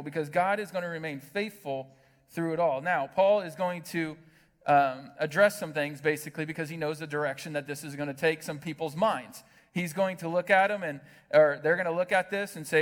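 A male pastor delivering an animated sermon with a slightly high-pitched voice. He keeps the congregation engaged with rhetorical questions. The sound carries a long echo from a large hall. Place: church hall with long reverb.

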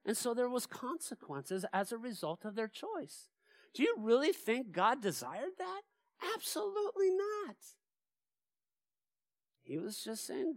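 A male pastor preaching a sermon in a church, animated and asking his congregation rhetorical questions. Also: very high-pitched, measured pace, dry recording, clean studio sound. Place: church sanctuary.

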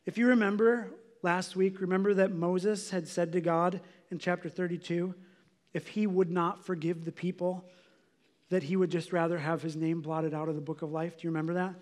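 A man's voice: high voice, level tone, moderate pace. A man preaching a sermon as a pastor, in a conversational way, often saying "like" as he explains. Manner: conversational, filler "like".

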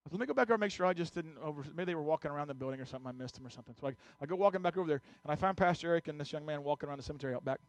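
High-voiced preacher in a dry room. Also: male voice, lively intonation, rapid-fire, hardly any pauses, no room sound. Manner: storytelling that builds to urgent exhortation. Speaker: pastor. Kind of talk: sermon with personal story.

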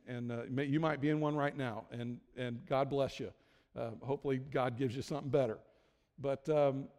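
A man's voice: a little high, a little mellow. A male pastor delivering a sermon in a conversational, joking manner with many restarts. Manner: conversational, self-deprecating humor, frequent restarts. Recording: long hall reverb.

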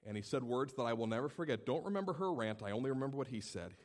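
Casual: guy preaching, pastor telling a story, acts out all the voices, mid pitch. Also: very fast, slight background noise. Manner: animated storytelling, acts out the people in his stories. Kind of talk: sermon.

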